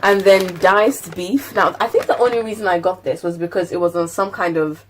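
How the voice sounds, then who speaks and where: A woman's voice: fairly low pitch, normal speed, slight background noise. A young woman vlogging at home, chatting through a grocery haul in a rambling, filler-heavy way. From United Kingdom. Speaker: lifestyle vlogger. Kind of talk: casual grocery haul chat.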